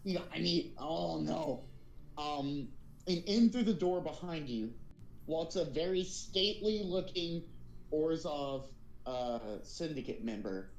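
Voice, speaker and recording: Man, dungeon master, casual narration, slightly high voice, echoey room, faint background hiss. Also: animated, unhurried. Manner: casual, filler-heavy narration. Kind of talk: narrating a tabletop game.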